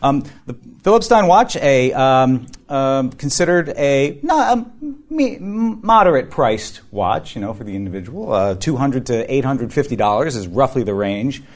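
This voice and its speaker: A man's voice: mid-range voice, very animated, measured pace. A man hosting a news segment on stage before a live audience, chatty and full of fillers. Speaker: host.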